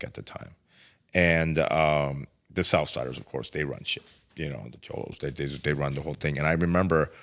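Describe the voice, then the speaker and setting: A man with a very low voice tells his story on a podcast. He talks casually and with energy, full of swearing and "dude" and "bro.". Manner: profane, animated, lots of filler like "dude" and "bro". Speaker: podcast guest telling his life story.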